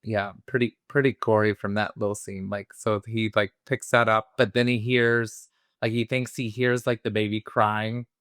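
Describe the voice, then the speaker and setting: A man's voice: fairly low pitch, flat delivery, moderate pace, a bit bright, clean tone, dry recording, clean studio sound. A man co-hosting a film review podcast, casually retelling a plot in a rambling way, full of fillers and acted-out quotes. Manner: rambling, many fillers and restarts, acts out quotes.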